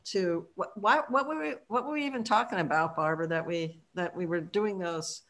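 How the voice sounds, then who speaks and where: A woman's voice: on the low side, normal speed, fairly bright tone. A woman acting student on a video call, telling a rambling story in casual chat.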